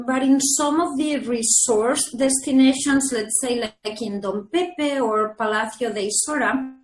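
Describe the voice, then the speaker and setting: A woman's voice: on the high side, roomy sound, low-quality recording. A woman presenting hotels on a video call, explaining in a friendly way with fillers. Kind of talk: business presentation.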